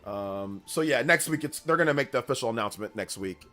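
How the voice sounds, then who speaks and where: A gaming news streamer hosts a casual livestream, speaking quickly at a medium pitch over faint music. He rambles through stories in slangy talk, saying "bro" and "like" a lot, and gets loud and animated as the stories build.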